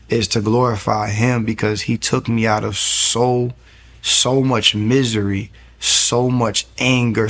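A man in his thirties, giving an earnest faith testimony as a guest in fast storytelling with many restarts. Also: fairly low pitch, a bit bright.

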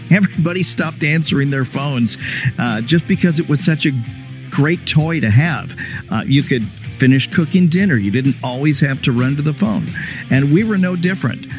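Man, podcast host, chatty, upbeat, slightly high voice, faint background music. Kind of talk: casual radio-style interview.

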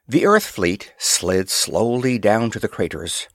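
A man reading an old pulp science fiction story aloud in a steady, dramatic storytelling manner. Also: lowish voice, slow, few pauses, no echo, studio quality. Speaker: narrator.

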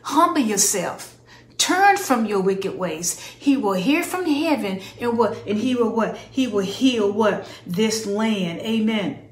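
High-voiced woman preaching in an echoey room. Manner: call-and-response questions, emphatic declarations. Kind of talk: sermon.

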